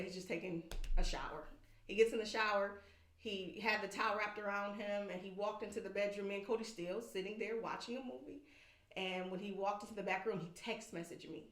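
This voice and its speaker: Woman telling a painful story. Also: mid-range voice. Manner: candid, animated, acts out quoted voices. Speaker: podcast guest. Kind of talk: emotional personal storytelling. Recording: echoey room.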